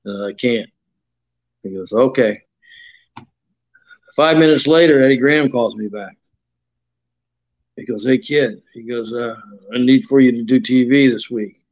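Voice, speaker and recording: A man's voice: medium pitch, unhurried, pauses often, highs cut off. An older man, a retired wrestler telling stories in a folksy, rambling way and acting out the voices of others. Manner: folksy, acts out quoted voices, many fillers. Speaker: retired pro wrestler, interview guest. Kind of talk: shoot interview storytelling.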